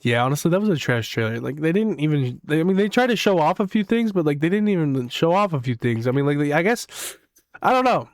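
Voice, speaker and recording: A young man giving casual reaction commentary as a gaming YouTuber, excitable and rambling, swearing and saying "like" a lot. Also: on the high side, fast, dry recording.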